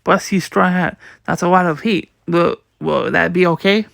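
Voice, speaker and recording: A man's voice: high-pitched, normal speed, gravelly, fairly bright tone, no echo, studio quality. A man reading a manga aloud, voicing every part and the sound effects, often stumbling and repeating words. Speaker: comic reader.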